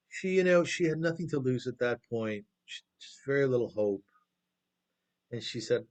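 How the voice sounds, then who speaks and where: A man teaches by telling stories in a relaxed, conversational way. He keeps putting questions to his listeners. The sound comes through a video call. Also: mid-range voice, moderate pace. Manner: conversational, asks the audience questions. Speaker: lecturer. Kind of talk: storytelling lecture.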